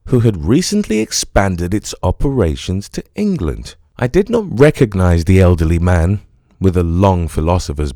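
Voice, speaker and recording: A man giving scripted first-person audiobook narration in an expressive, storytelling manner. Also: on the low side, no echo, studio quality.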